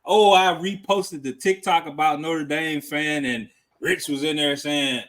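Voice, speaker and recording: Guy cohosting a sports podcast, loud and cussing, kinda higher voice. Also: unhurried, hardly any pauses. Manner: loud, profane trash talk with laughter. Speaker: podcast co-host. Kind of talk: casual sports chat.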